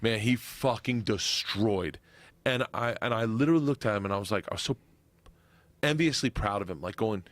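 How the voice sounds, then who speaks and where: A man who is a stand-up comedian and a guest, talking in an excitable, rambling, profane way in casual chat. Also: fairly low pitch, normal speed, no echo.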